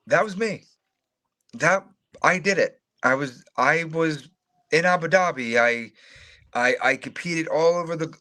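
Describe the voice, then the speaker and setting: A middle-aged retired fighter tells animated, profane, self-mocking stories in a casual interview. Speaking at a medium pitch, he acts out other people's voices as he goes.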